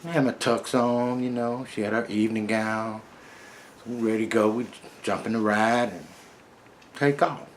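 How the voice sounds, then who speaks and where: A man's voice: lowish voice, fairly even intonation, normal speed, a little hiss or hum. A middle-aged man casually telling a first-person story in a laid-back, streetwise way, with plenty of profanity.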